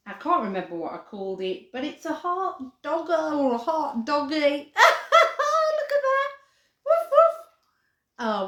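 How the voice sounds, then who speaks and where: Lively woman teaching kids crafts. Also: mid-range voice, roomy sound. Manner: chatty, animated, says dog barks playfully. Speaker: children's craft presenter. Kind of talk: live craft demonstration for children.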